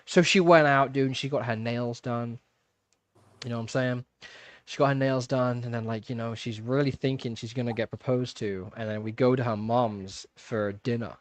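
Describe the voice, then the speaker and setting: A man in his thirties tells a story on his own livestream, chatty and animated, with frequent laughs and filler words. His voice sits at an ordinary middle pitch. The recording is close and dry. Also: normal speed, no echo. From England. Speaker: livestream host. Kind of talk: casual livestream chat. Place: home fish room.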